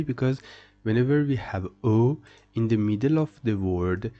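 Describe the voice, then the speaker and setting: A man's voice: fairly low pitch, warm tone. A man teaching French pronunciation to beginners, repeating each word several times as he explains the rules. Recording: dull lo-fi sound.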